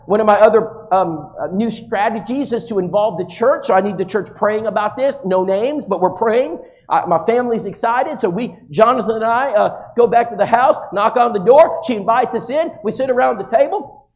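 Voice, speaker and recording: A man's voice: high-pitched, animated, a little fast, darkish tone. A male preacher giving a sermon, telling a folksy anecdote and acting out the dialogue. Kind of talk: sermon storytelling.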